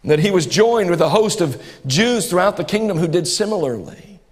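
Man in his 40s, high-pitched pastor preaching in a reverberant church hall, earnest and repetitive. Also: lively intonation, fairly quick. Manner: earnest, repeats phrases, rises to impassioned bursts. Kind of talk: sermon. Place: church sanctuary.

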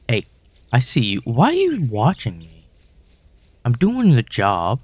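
A man's voice: medium pitch, huge pitch swings, unhurried, long pauses, a little mellow, slightly rough, no echo. A young man giving wry, suspicious commentary while playing a horror game, swearing now and then. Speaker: gaming channel host.

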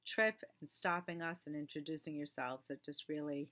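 A woman's voice: deep voice, steady tone, normal speed, a bit bright. A woman co-hosting a knitting shop video, chatting casually and finishing her partner's sentences. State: talking around candy in her mouth. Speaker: yarn shop co-host. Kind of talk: casual chat.

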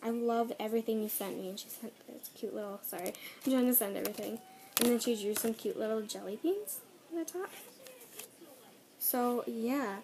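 A woman's voice: fairly high pitch, moderate pace, vocal fry, background noise. A teenage girl vlogger chatting casually through an unboxing, bubbly and gushing, giggling often. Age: teens.

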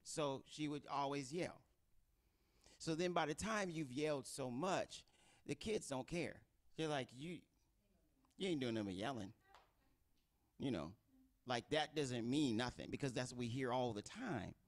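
A man's voice: mid-range voice, expressive, unhurried. A middle-aged man preaching an informal sermon, talking conversationally and acting out quoted voices. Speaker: pastor.

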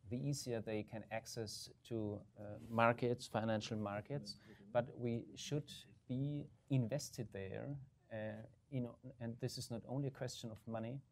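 A man answering questions as a government state secretary on a panel, measured, with frequent ums and uhs. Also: mid-range voice, gravelly, a little mellow. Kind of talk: panel discussion remarks.

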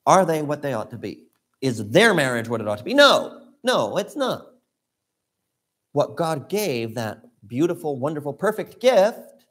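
Husky-voiced man teaching Sunday school. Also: medium pitch. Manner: earnest, emphatic teaching with rhetorical questions. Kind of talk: church Sunday school lesson.

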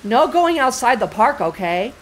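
Sassy young woman streamer, lively swoops. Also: on the high side, normal speed. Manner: sassy, slangy and profane, swings from mumbling to shrieking. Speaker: streamer playing a horror game. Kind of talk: casual live-stream commentary, reading game dialogue aloud.

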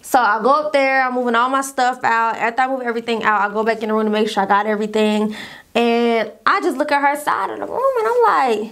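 A young woman tells a story-time tale to her camera. Her voice sits a little high, and she slips into the lines of the people in her story in an animated way. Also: fast. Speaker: YouTuber telling a story.

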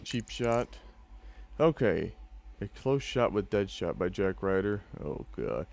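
A man's voice: on the low side, animated, slow, creaky, darkish tone. A young man hosting a gaming video, chatting casually and reading game text aloud with mocking, laughing asides.

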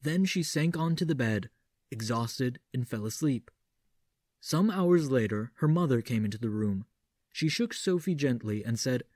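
A man narrating an audiobook in a measured, theatrical manner, doing an impression of a classic horror-film actor. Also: mid-range voice, expressive, a little mellow, no echo, studio quality. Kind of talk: audiobook reading doing a Vincent Price impression.

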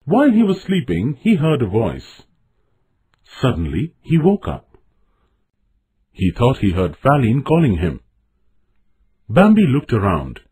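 A man narrating a children's storybook in an expressive, measured way. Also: mid-range voice, slightly rough.

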